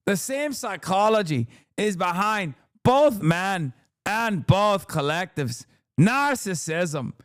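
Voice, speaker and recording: A man doing a mocking impression of an indignant middle-aged woman pundit, speaking slowly and drawing out every outraged phrase. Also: high-pitched, clean tone, dry recording, studio quality. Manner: slow, drawn-out, outraged. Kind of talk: mocking impression during stream.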